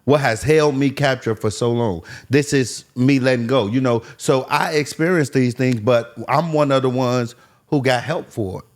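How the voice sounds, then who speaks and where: A man's voice: medium pitch, moderate pace. A man as a podcast guest, earnestly telling his life story and repeating phrases for emphasis. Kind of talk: candid personal story.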